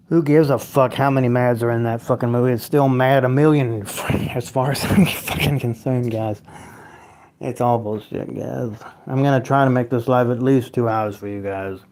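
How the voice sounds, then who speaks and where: A man's voice: mid-range voice, normal speed, a little mellow. A man hosting a casual livestream from home, talking loosely in a mid-range voice. He rambles between viewer comments, swears freely and laughs often. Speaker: livestream host.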